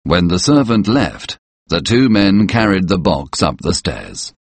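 Audiobook narrator, man, very deep, husky, dry. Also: sing-song, unhurried, no echo.

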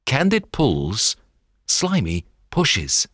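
A man narrating a children's story in a scripted, expressive read-aloud manner. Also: medium pitch, very slow, dry recording, studio quality.

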